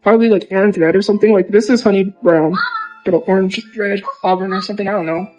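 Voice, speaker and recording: A man's voice: sits high, steady tone, fast talker, a little mellow, dull audio, soft background music. A young man on a phone livestream chatting casually and talking back defensively to viewer comments in a rambling way.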